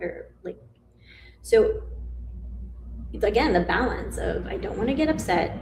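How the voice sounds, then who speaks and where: A woman's voice: medium pitch, expressive, unhurried, long pauses, a little mellow, a little hiss or hum. A woman life coach and mother, talking in a casual, reflective way about her family. She rambles, trails off and restarts her sentences. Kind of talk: casual reflective live-stream chat. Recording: roomy echo.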